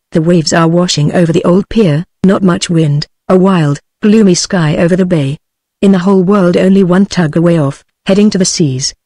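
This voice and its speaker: A woman's voice: lowish voice, no echo. Dry British text-to-speech woman narrator. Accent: British English. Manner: even, synthetic text-to-speech reading. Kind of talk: audiobook narration.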